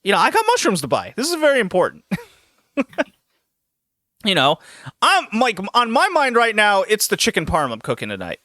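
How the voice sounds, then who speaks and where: A man hosting a podcast, telling a story in a casual, animated way with lots of laughs and restarts. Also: sits high, normal speed, pauses often, no room sound, studio quality. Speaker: podcast host.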